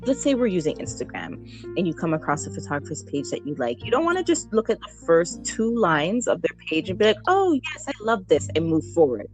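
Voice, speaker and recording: Guest spot: young adult woman with a lowish voice, chatty and animated, faint music under her. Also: fast. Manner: chatty, animated, laughs often, frequent ums. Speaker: newborn photographer, guest. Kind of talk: casual podcast interview.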